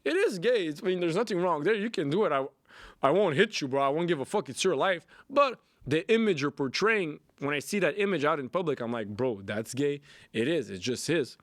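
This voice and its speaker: A man's voice: a little high, lively intonation, fairly quick, fairly bright tone, no echo, clean studio sound. A young man hosting a solo podcast, ranting bluntly with lots of swearing and repetition. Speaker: podcast host. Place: Canada.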